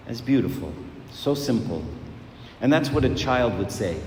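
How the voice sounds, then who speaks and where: A man's voice: medium pitch, lively intonation, normal speed, darkish tone. A man preaching a sermon in a conversational way, repeating words and asking rhetorical questions. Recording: echoey hall, faint noise.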